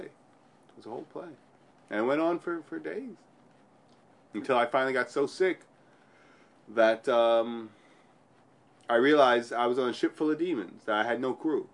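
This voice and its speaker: A man's voice: medium pitch, lively intonation, fairly quick, creaky, pauses often. A man telling a personal story in an interview, rambling and often repeating and restarting his phrases.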